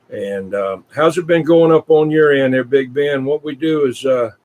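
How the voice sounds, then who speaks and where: A man hosting a CB radio night, talking haltingly with lots of fillers. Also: medium pitch, darkish tone, poor audio. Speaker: CB radio net host. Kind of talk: casual radio net chatter.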